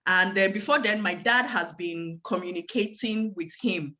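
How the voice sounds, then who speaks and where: A woman's voice: mid-range voice, normal speed, bright, forceful tone. A woman giving a guest talk on a video call, telling a personal story vividly and acting out the dialogue. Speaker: guest speaker.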